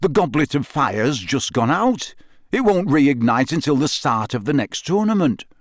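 A jovial, boyish official, read by a man in a near-natural voice, bouncy and lively in its pitch. Friendly and a bit nervous in manner. Dry, close storybook sound. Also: moderate pace, no room sound.

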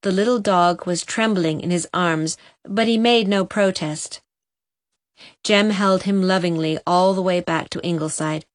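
A woman narrating a storybook gently for an audiobook. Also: on the low side, measured pace, no echo, clean studio sound.

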